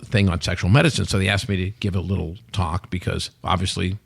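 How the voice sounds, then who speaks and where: A man in his sixties, a company CEO and guest, telling stories in an animated way and acting out quotes. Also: sits low, fast, vocal fry, slightly rough, no room sound, clean studio sound. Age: 60s. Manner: animated storyteller, acts out quotes. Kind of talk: podcast interview chat.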